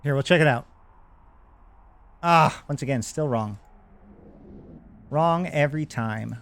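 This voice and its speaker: A man's voice: a little high, slow, vocal fry, a bit bright. A man hosting a live stream, chatting casually and rambling while he talks to his viewers. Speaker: streamer and host.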